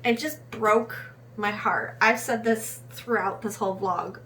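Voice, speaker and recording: Slow, impassioned American woman vlogger. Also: mid-range voice, fairly bright tone, a little hiss or hum. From Rochester, New York, USA. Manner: earnest and impassioned, talks in halting restarts. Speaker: book vlogger. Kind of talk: casual book review chat.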